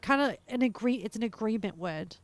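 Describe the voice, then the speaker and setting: A woman's voice: on the high side, animated, brisk, no echo. An Australian woman streaming a game, chatting casually and rambling as she searches for words. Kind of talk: casual chat while gaming.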